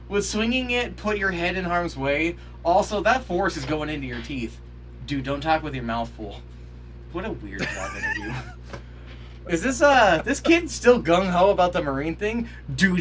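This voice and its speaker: A man with a fairly high, bright, forceful voice reads his irreverent reactions on a podcast. His delivery swings widely in pitch. He is sarcastic and curses casually, with sudden outbursts of mock outrage. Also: a little hiss or hum. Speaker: podcast co-host. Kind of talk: reading out humorous episode reactions. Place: podcast studio.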